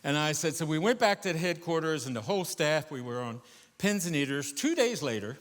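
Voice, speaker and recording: An older man performing a solo stage monologue, animated, going from loud emphasis to hushed asides. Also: a little high, fairly quick. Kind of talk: theatrical storytelling monologue. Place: theater stage before a live audience. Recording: echoey theater with long reverb.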